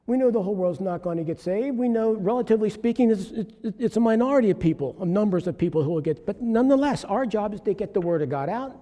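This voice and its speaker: A man's voice: high-pitched, lively intonation, quick pace, hardly any pauses, mellow. Earnest preacher man in a reverberant hall. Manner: earnest storytelling, rising to exhortation. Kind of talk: sermon testimony.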